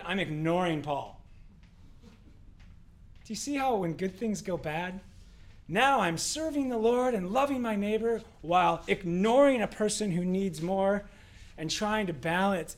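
A man co-hosting a casual faith discussion, telling a story in an animated way with rhetorical questions. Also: sits high, normal speed. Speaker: co-host.

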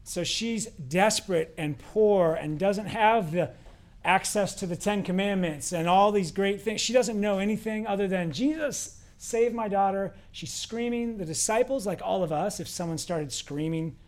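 High-voiced man preaching a conversational sermon. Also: moderate pace. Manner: conversational, animated storytelling with acted quotes. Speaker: pastor.

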